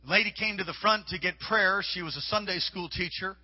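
A man with a high voice preaches emphatically, driving his points home by repeating them. His voice rings through a large hall with a long echo. The recording sounds dull and lo-fi. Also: fairly quick. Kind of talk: live sermon. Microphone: stage microphone with monitor.

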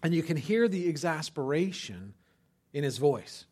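A man preaching a conversational sermon, checking in with listeners and breaking into loud, animated bursts for emphasis. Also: a little high, moderate pace. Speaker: pastor.

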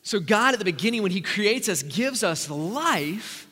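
A man preaching a sermon as a pastor, animated, with humorous asides and repeated words. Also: sits high, a little slow, long reverb tail.

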